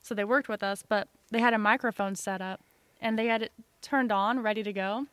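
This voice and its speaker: A young woman co-hosting a podcast, chatting casually in a calm, measured way. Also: medium pitch, no echo. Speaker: podcast co-host. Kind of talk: casual chat.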